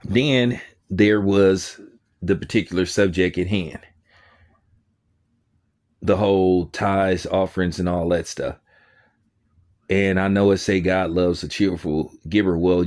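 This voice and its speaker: A man with a fairly low voice talks in a loose, conversational way, like an informal commentary show. He tells his story with energy and acts out the remarks of others as he goes. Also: measured pace. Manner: conversational, animated storytelling with quoted asides. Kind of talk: casual spoken commentary.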